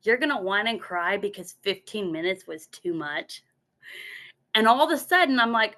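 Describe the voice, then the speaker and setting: A woman's voice: mid-range voice, moderate pace, bright, forceful tone. A woman giving a motivational talk from her notes, earnest, repeating words as she goes and acting out her own inner voice.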